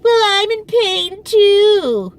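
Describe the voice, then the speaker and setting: A woman's voice: very high voice, sing-song, extremely slow, pitched above the performer's own voice, full character voice. A woman voicing her petulant, demanding mother of 95 in a wheelchair, bossy and self-pitying. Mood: whiny.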